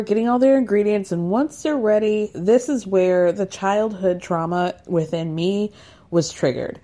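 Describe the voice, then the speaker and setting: Mellow-voiced woman hosting a chatty recap. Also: lowish voice. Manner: chatty and wry, acts out the cast's lines. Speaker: podcast host recapping reality TV. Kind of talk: casual recap commentary.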